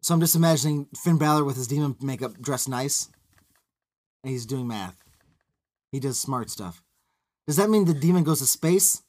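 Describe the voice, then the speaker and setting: A man co-hosting a podcast, his voice rising and falling in animated swings. He riffs and jokes in relaxed, casual chat, building absurd bits as he goes. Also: mid-range voice, moderate pace, long pauses. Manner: riffing and jokey, spinning out bits. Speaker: podcast co-host.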